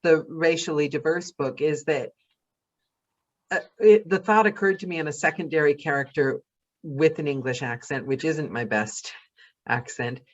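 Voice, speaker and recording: A woman's voice: low-pitched, moderate pace. Chatty woman host asking questions. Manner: chatty, asks questions, adds tag questions. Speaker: podcast host and audiobook narrator. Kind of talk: casual interview chat. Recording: slightly dull lo-fi audio.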